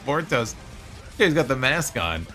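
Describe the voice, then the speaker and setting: A man co-hosting a casual chat show, animated and opinionated, laughing easily. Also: medium pitch, takes it slowly, soft background music. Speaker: podcast co-host.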